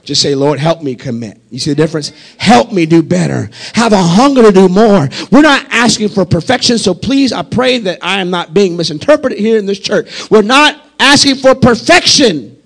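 A man preaching a sermon as pastor, impassioned and building to shouts. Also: high voice, expressive, normal speed, vocal fry, hardly any pauses.

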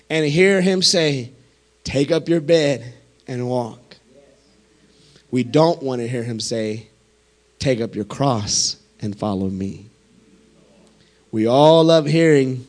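A man preaching a sermon as pastor, impassioned and building to shouts. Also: medium pitch.

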